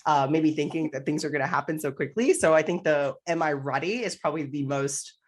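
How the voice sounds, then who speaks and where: A woman co-hosting a casual fitness podcast as a competition coach, talking animatedly and acting out her clients' worries in a higher voice. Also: steady tone, fast, breathy edge.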